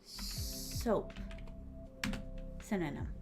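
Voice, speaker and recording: A woman's voice: drawn-out words, music in the background. A young woman streamer chatting casually with her viewers while she writes. She speaks with theatrical, refined diction and calls her audience "my starlings". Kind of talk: casual live-stream chat while writing.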